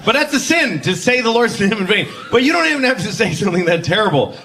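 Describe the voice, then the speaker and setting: A man performing a stand-up comedy set, telling stories deadpan and jumping into shouted voices. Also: high voice, fast talker, hardly any pauses, a little hiss or hum. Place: comedy club stage with audience.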